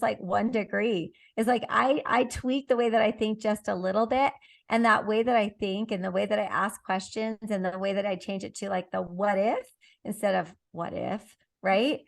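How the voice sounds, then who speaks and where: A woman guest on a podcast, a business coach talking with an energetic, emphatic coaching tone. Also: mid-range voice, vocal fry. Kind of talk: motivational conversation.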